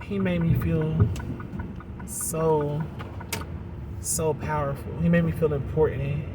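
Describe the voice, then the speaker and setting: A man's voice: fairly high pitch, level tone. Emotional man with raised voice, traffic behind. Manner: emotional, halting, repeats words, speaks to viewers directly. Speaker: vlogger telling a personal story. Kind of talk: confessional storytime monologue.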